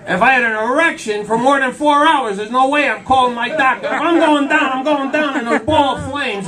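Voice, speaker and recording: Lively stand-up man, far from the mic. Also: extremely high pitch. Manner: keeps repeating "I'll tell you". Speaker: stand-up comedian. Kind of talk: stand-up routine. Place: small cafe stage before a live audience. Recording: voice from far off in a cafe.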